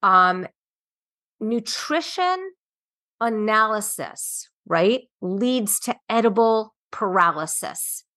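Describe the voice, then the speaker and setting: A woman's voice: mid-range voice, animated, unhurried, pushed and bright. A woman nutritionist speaking earnestly as a podcast guest, emphatic and dotted with "um" fillers. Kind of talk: podcast interview.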